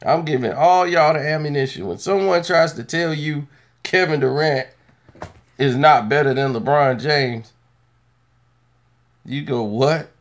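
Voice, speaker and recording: Sex: male. Role: host. Style: casual opinion commentary. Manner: emphatic, teasing, repetitive; voice slightly high. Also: measured pace, pauses often.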